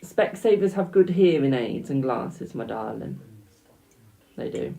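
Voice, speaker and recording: A man's voice: mid-range voice, lively intonation, a little slow, vocal fry, dark tone, low-quality recording. A young British man doing tarot readings on a live stream, chatting casually and calling viewers "my darling".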